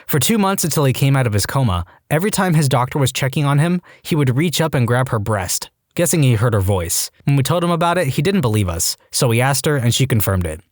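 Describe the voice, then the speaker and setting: A man with a medium-pitched voice narrates online stories from a script, moving at a quick pace with few pauses. The studio-quality recording has no echo, and he delivers it all in a lively way, acting out quoted lines in shifting voices.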